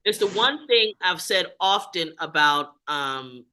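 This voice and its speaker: A woman who facilitates a support group, telling her own story in a frank, animated, self-mocking way. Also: lowish voice, takes it slowly. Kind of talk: candid group share.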